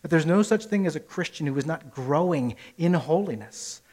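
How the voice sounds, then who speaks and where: A man preaching a sermon with earnest, emphatic delivery, using rhetorical questions and repetition, rising to loud peaks and dropping soft. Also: lively intonation, moderate pace. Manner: earnest, rises to emphatic peaks then drops low. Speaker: pastor.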